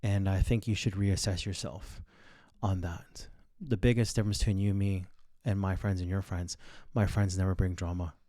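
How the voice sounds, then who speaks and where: A man's voice: low voice, steady tone, normal speed, dark tone, dry recording. A man in his thirties, the host of a podcast, telling a story in a blunt, crude and boastful way with plenty of swearing. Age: 30s. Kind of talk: casual storytelling monologue.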